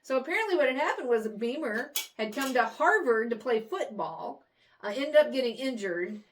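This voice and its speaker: Woman from the St. Louis area, podcast co-host, animated storyteller, voice on the higher side. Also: normal speed, slight background noise. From St. Louis area, Missouri. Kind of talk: casual chat, anecdote telling.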